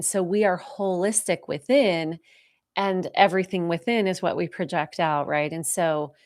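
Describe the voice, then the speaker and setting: A woman with a slightly low voice giving a live spiritual talk to viewers. She speaks softly and slowly, pausing often, heartfelt and close to tears. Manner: soft, heartfelt, slow and reflective with pauses. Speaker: spiritual channeler answering viewer questions.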